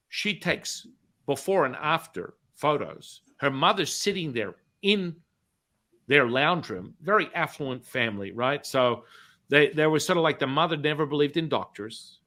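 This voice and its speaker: A middle-aged man, hosting a talk show and telling a story in a lively, casual way, acting out the dialogue and swearing now and then. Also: fairly high pitch. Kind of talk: animated anecdotal storytelling.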